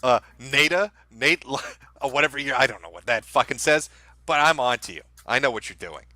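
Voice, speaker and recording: A man's voice: mid-range voice, animated, normal speed, bright, forceful tone, no room sound. A man hosting a casual commentary show, reacting to social media posts in a sarcastic, profane, mocking way.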